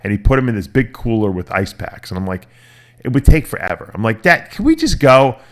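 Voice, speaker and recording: A middle-aged man hosting a casual podcast chat, telling lively stories, cursing and acting out the voices of people he quotes. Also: on the low side, fast. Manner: animated storytelling, swearing, acting out quoted voices. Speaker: podcast host.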